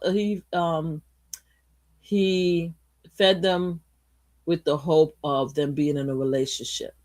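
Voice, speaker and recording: Rambling, gossipy woman stream host. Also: fairly low pitch. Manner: rambling and gossipy, swears, loses her train of thought. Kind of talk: casual storytelling commentary.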